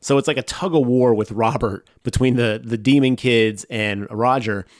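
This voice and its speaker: A man's voice: medium pitch, normal speed, dry recording, clean studio sound. A man co-hosting a podcast, casually retelling a movie's scenes with swearing and acted-out lines. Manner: animated retelling, swears, acts out characters' lines. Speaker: podcast co-host.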